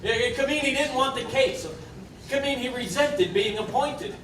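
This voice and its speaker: An actor playing a calm, measured male juror who argues persuasively, in a 1950s film drama. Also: extremely high pitch, a crowd in the background. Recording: roomy film soundtrack, distant, faint hiss.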